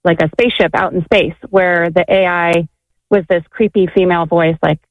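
A woman's voice: on the low side, fairly even intonation, normal speed, no room sound. A woman calling in to a radio show, telling her story in a chatty, rambling way with lots of fillers. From California. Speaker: caller. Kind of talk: phone call to a radio show. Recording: tinny phone line.

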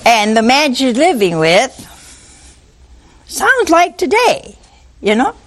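A woman preaching a sermon, animated and full of rhetorical questions to her listeners. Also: sits high, takes it slowly.

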